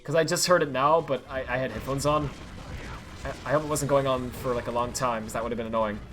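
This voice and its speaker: A man streaming himself playing a game, chatting casually and yelling in frustration when play goes wrong. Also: mid-range voice, fast talker. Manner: excitable, yells at the game when things go wrong. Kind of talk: live-streamed gameplay commentary. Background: faint game music.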